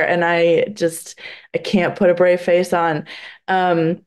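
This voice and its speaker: A young adult woman talking candidly as a podcast guest, earnest and halting, full of restarts, and at times close to tears. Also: fairly low pitch, steady tone. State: emotional, near tears at times. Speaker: podcast guest, blind adaptive athlete. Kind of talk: candid interview conversation.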